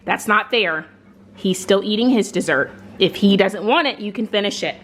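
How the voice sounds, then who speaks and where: A young woman talking casually to her viewers in a vlog, at an everyday middle pitch. Her delivery is chatty and easygoing, with a little faint noise heard in the background. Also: normal speed. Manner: chatty, switches to high excited praise for the dogs. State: out of breath. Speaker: vlogger, dog owner. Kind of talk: casual vlog chat to camera.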